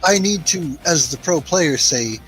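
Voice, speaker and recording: Man, casual gamer chat, sarcastic rants, lively pitch, clear background music. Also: a little slow, poor audio. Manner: animated, ranting, sarcastic. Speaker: gamer playing online with a friend.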